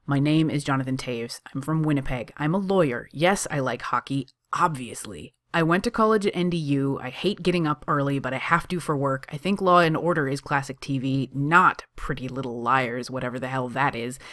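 A reader voicing a grumpy young male lawyer who talks in a slow, clipped, deadpan way. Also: mid-range voice, no room sound, studio quality, close to an everyday voice.

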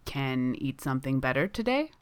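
A woman's voice: extremely low pitch, big pitch swings, moderate pace, clear, resonant tone, no echo. A woman reading aloud and voicing a cheerful young Russian baker who speaks clipped, broken English. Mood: warm. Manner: clipped broken English, drops small words.

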